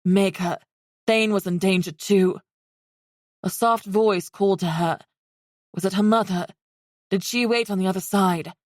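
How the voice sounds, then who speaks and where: A woman narrating a fantasy romance audiobook in a steady, even storytelling way. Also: mid-range voice, unhurried, pauses often, no room sound, clean studio sound.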